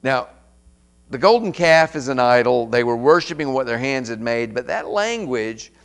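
Gravelly-voiced man preaching a sermon. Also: medium pitch, lively intonation, moderate pace. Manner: reads scripture aloud, then comments with rising emphasis. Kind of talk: expository sermon.

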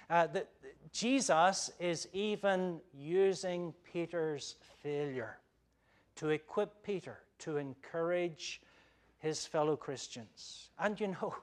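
A man preaching a sermon as pastor, earnest and pleading, with frequent "uh" fillers and restarts. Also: high voice.

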